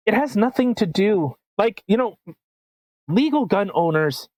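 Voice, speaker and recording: A man co-hosting a podcast, ranting casually with swearing and halting restarts. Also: high voice, dry recording, poor audio. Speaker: podcast co-host. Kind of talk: casual comedic political chat.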